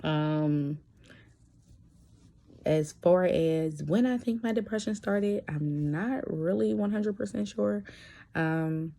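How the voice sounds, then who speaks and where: A woman's voice: fairly low pitch, slow, vocal fry, dark tone. A young adult woman talking candidly in a personal vlog, hesitant, with many fillers and restarts. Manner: candid and earnest. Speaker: vlogger.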